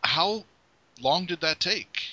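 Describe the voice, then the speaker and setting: A man hosts a casual interview in a chatty, animated way, often restarting his sentences. His voice swings up and down and has a very bright edge. He is close on a dry mic. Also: a little high, slow, no echo, low-quality recording. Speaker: podcast host.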